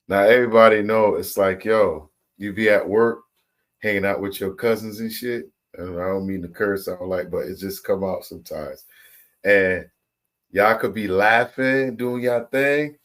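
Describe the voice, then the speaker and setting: An American man co-hosting a casual reaction chat, laughing often and telling animated stories. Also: fairly low pitch, measured pace. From United States. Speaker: co-host.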